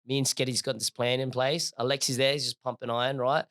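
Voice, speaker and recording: A young adult man, a podcast co-host telling a story in casual, slangy chat, animated and laughing as he goes. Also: mid-range voice, fast talker, no room sound, studio quality.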